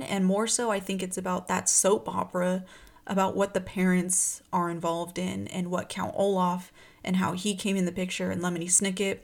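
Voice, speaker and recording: A young adult woman talking casually about a book series, rambling and heated, full of filler words. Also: mid-range voice. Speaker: book vlogger.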